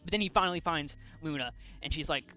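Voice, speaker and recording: A man's voice: fairly high pitch, fast talker, bright, forceful tone, faint music behind. A man co-hosting a podcast, casually retelling a comic's plot with many fillers and restarts. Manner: rambling with frequent fillers and restarts. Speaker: podcast co-host.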